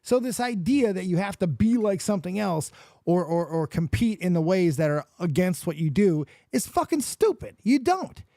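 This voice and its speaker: A man with a high, lively voice rants animatedly through casual podcast chat, swearing freely. His voice swoops up and down. The sound is dry and close. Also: moderate pace, no room sound. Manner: profane, animated ranting. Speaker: podcast host.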